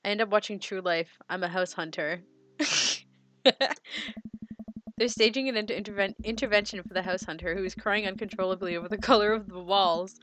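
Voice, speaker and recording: A woman's voice: mid-range voice, fairly even intonation, a little fast, fairly bright tone. A young woman streaming a dating game, reading its text aloud in a giggly way, often tripping over words and correcting herself. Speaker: gaming streamer.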